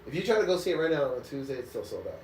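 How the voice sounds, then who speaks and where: An animated man chatting on a couch, his pitch leaping all over as he laughs and acts things out. He sounds a little away from the mic, in a roomy, echoey space. The talk is loose and casual. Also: very fast, a little hiss or hum. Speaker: co-host. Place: living room couch. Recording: echoey room, mic at a distance.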